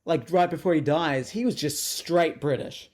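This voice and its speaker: A man's voice: a little high, normal speed. A man co-hosting a movie podcast, chatting casually and bluntly, swearing freely as he reviews a film. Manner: blunt, swears freely, animated when mocking. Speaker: podcast co-host.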